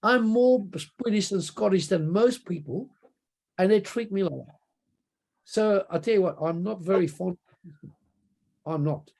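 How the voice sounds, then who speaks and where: A man's voice: sits high, moderate pace, vocal fry, pauses often, a little mellow. A man telling a story in a casual interview, rambling and often tagging "right?" onto his sentences. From Australia. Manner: rambling, repeats words, frequent "right?" tags. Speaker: interview guest.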